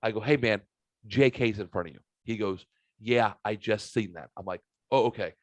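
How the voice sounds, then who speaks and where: A man from the Saint Louis area hosting a podcast, telling a story in casual chat, animated, swearing and acting out quotes. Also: lowish voice, moderate pace, dry recording. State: recovering from a sinus virus. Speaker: podcast host.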